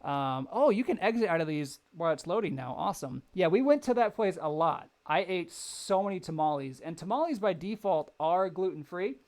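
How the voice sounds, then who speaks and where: A man's voice: high-pitched, animated, a little fast, few pauses, darkish tone. A young man streaming a game live, chatting casually with viewers, telling stories and laughing often. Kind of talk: casual live-stream chat while gaming.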